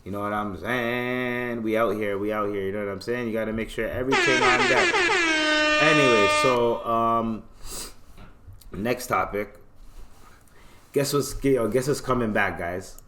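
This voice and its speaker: A man's voice: fairly low pitch, big pitch swings, measured pace, bright, forceful tone. A man from Canada hosting a podcast in casual chat, joking, slangy and self-mocking. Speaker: podcast host.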